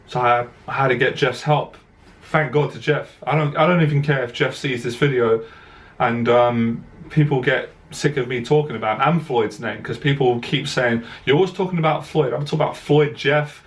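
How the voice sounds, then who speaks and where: A man's voice: mid-range voice, fairly even intonation, normal speed. Emotional man speaking to camera. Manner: earnest, direct, repeats himself, voice catching with emotion. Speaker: dating coach. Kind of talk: emotional personal monologue to camera.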